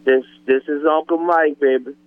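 A man with a New Orleans accent calling a radio show, affectionate and halting. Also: on the high side, steady tone. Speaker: caller. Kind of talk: phone call to radio. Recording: dull phone line.

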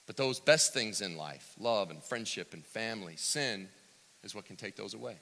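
A man preaching a sermon, swinging from loud to hushed and acting out the quotes he cites. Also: fairly low pitch. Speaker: pastor. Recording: long reverb of a church hall.

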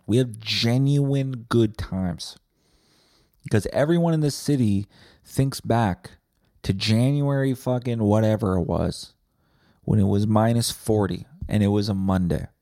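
A man's voice: medium pitch, warm tone, no room sound. A man hosting a podcast, delivering a rambling, profane, sarcastic comedic monologue on a close mic. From Winnipeg, Canada. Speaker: podcast host.

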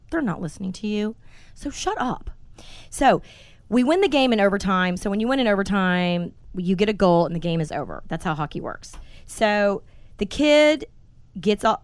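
A woman in her forties hosting a casual podcast, telling stories in a blunt, animated way and swearing freely. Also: medium pitch, no room sound. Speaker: podcast host.

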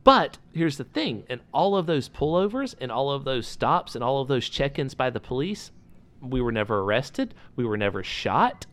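A man's voice: mid-range voice, big pitch swings, normal speed, a bit bright. A man co-hosting a casual podcast, giving blunt opinions with jokes and casual swearing. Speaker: podcast co-host.

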